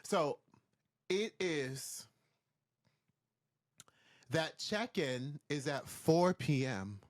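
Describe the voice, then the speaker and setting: A man's voice: on the high side, expressive, drawn-out words. A man co-hosting a casual podcast, ranting in a chatty, playfully exasperated way. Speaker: podcast co-host.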